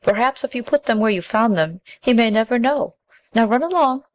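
A woman voicing a timid, gentle female tree spirit with a soft, pleading manner. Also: on the high side, lively intonation, normal speed, voice pushed up, close to an everyday voice. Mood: coaxing.

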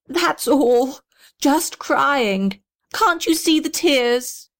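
A woman's voice: mid-range voice, lively intonation, moderate pace, dry recording, clean studio sound, close to an everyday voice. A woman voicing a small, self-pitying male house in a storybook reading, wailing and sobbing.

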